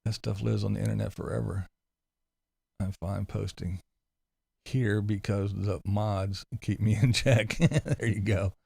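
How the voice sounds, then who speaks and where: A man's voice: lowish voice, fairly even intonation, a little slow, vocal fry, warm tone, slightly rough, no echo. A man hosting a casual livestream, reading comments and answering with rambling, sarcastic asides, speaking close into a desk mic. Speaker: livestream host. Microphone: close desk mic with headphones.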